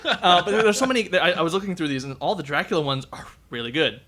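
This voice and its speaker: A man on a film podcast talking earnestly and sentimentally about a film's romance, a bit halting with restarts. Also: fairly high pitch, pushed and bright. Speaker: podcast guest. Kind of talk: casual movie podcast chat.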